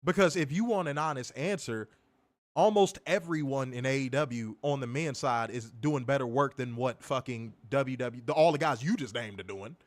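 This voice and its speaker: A man's voice: mid-range voice, moderate pace. A man co-hosting a wrestling review show, reading comments and ranting casually with plenty of profanity. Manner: animated, profane, laughing rants.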